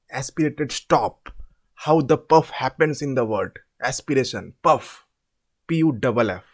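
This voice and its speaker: A man explaining an assignment step by step. He asks questions and answers them himself, and repeats words slowly to show how they are said. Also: medium pitch. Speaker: online tutor.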